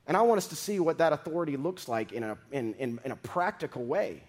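Brief: male pastor, slightly higher voice, preaches with big swings between loud and hushed. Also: animated, fast, hardly any pauses. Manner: dramatic scripture reading. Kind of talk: sermon.

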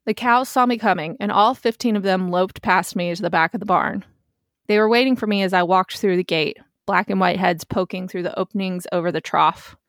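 A young woman host narrating a first-person story in a steady, plain manner. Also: mid-range voice, fairly quick, no room sound, clean studio sound.

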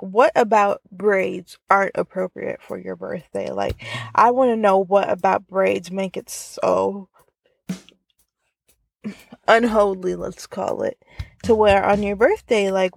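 Woman rambling on her podcast in the car, lots of "like", gravelly edge, dry close sound. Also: medium pitch, darkish tone, no echo. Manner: chatty, lots of filler "like". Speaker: podcast host. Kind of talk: casual solo podcast chat. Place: inside a car.

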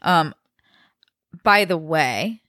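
A young woman on a home podcast with a lowish voice that swings all over as she jokes and riffs with her co-host. The sound is dry and close, recorded in a living room. She talks in a loose, playful way, full of quips. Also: animated, drawn-out words, pushed and bright, dry recording. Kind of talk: casual chat.

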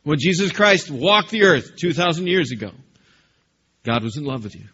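A man's voice: fairly high pitch, big pitch swings, moderate pace, pushed and bright, slightly rough, highs cut off. A male pastor delivering a sermon, emphatic and repetitive, questioning the congregation.

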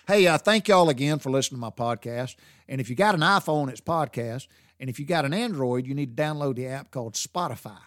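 A middle-aged Southern man with a drawl, rambling through homespun stories and cussing casually as he goes. His voice sits at an ordinary pitch, and the sound is dry and close, with no room echo. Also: expressive, fairly quick. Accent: Southern American. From American South. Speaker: podcast host. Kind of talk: folksy storytelling monologue.

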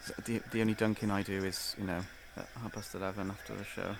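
A man's voice: lowish voice, little pitch movement, quick pace, creaky, background noise. A man, an actor, chatting in improvised comedy with a dry, teasing manner.

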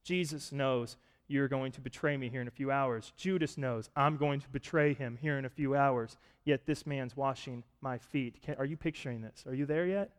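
A man preaching a sermon, retelling a story and asking listeners to picture it, rising to loud, emphatic points. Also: mid-range voice, normal speed, hardly any pauses, smooth. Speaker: pastor. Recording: long reverb of a large hall.

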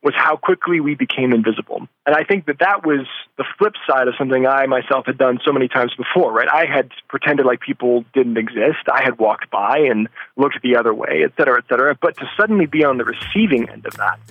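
A man's voice: mid-range voice, quick pace, dry recording. A man being interviewed, telling his story earnestly and sometimes searching for words. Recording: slightly dull dry recording.

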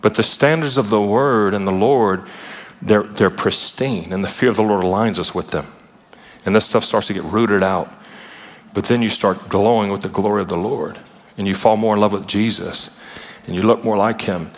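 A man delivers a sermon in a relaxed, conversational way, slipping into animated asides and playful retellings. His voice sits fairly low. Long reverb from a large hall trails after each phrase. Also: moderate pace. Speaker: preacher.

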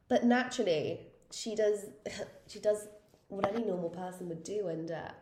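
A woman's voice: medium pitch, normal speed, background noise. A woman co-hosting a casual history podcast, chatting loosely with many fillers and restarts. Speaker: podcast co-host. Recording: roomy echo.

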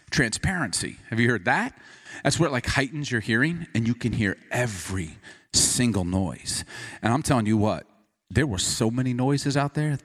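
A man preaching from the pulpit, spinning a personal story with a voice that leaps up and drops down. His pitch sits in an ordinary middle range, but he never stays flat for long. He pokes fun at himself, then grows soft and earnest when he turns to scripture. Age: adult. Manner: animated, self-deprecating storyteller who turns quiet and earnest for scripture. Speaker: pastor.

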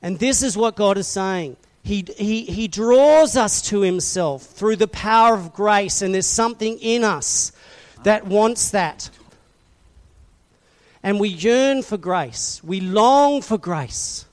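A man preaching a sermon to a congregation, passionate and questioning, swinging from loud emphasis to soft, quiet lines. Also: high-pitched, slow. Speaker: pastor.

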